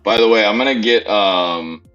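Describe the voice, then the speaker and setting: A man's voice: on the low side, moderate pace, fairly bright tone. A man co-hosting a live stock market stream, trading joking banter in casual chat. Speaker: stock market livestream co-host. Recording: dull lo-fi audio with faint music.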